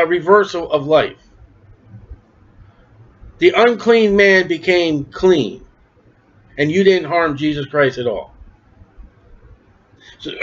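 Man, preacher, high voice, sermon, asks and answers himself, dull lo-fi recording. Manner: conversational, asks and answers his own questions; acts out quoted voices with raised pitch.

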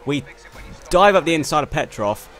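A young man commentating on his own racing game run, excitable and quick to swear in frustration. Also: fairly high pitch. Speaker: gaming YouTuber. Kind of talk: gameplay commentary. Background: faint game car engine noise.

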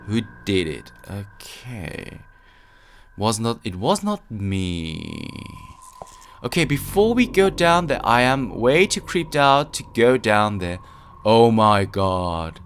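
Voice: mid-range voice, animated, drawn-out words, a little hiss or hum. A let's play gamer giving casual gameplay commentary, easily spooked and full of nervous exclamations.

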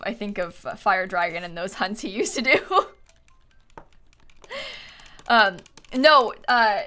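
A woman's voice: medium pitch, bright, forceful tone. A young woman chatting casually on a live stream, thanking viewers with frequent fillers and laughs.

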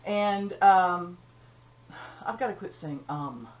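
Chatty older woman with a low voice. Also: animated, slow pace, rough recording. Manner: folksy and chatty, joking asides. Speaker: cooking channel host. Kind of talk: casual chat.

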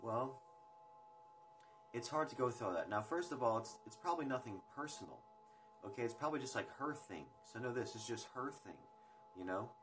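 A young man at home rambles through a casual livestream, chatty and unhurried, dropping the odd swear word. His pitch sits in an ordinary middle range. Music plays clearly behind him. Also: lively intonation, a bit bright. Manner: rambling, loose and chatty, drops swear words. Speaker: livestream host. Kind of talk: casual livestream chat with viewers. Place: indoors at home. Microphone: phone livestream. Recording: music playing in the background.

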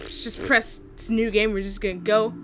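A woman's voice: mid-range voice, fairly even intonation, a little slow. A woman hosting a horror game let's play, jumpy and giggly, shrieking at scares and joking about herself. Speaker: gaming video host. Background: game music and horror sounds.

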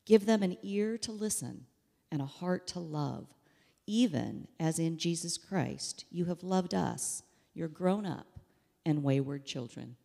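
A woman leading a congregation in a steady, reverent pastoral prayer. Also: low voice, a little slow, creaky, big-room sound. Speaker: worship leader leading prayer.

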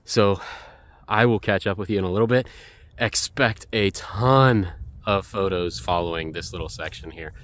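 Male outdoor vlogger, low-pitched, excitable and gushing, handheld camera outdoors. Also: moderate pace. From United States. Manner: excitable, gushing, repeats himself. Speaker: hiking photography vlogger. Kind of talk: excited vlog narration while hiking. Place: outdoors on a cold snowy mountain trail.

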